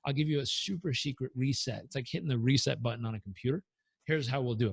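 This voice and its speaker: Guy coach talking earnest and pumped up, mid pitch, dead dry sound. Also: fast, gravelly, slightly rough, no room sound. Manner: earnest, energetic, leads breathing exercise aloud. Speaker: performance coach guest. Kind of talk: podcast interview answers.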